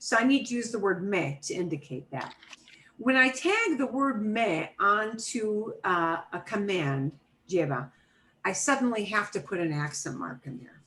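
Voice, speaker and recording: A woman's voice: medium pitch, lively intonation, a little slow, bright, forceful tone, poor audio. A middle-aged woman teaching an online Spanish class, explaining grammar patiently step by step with everyday examples over a video call.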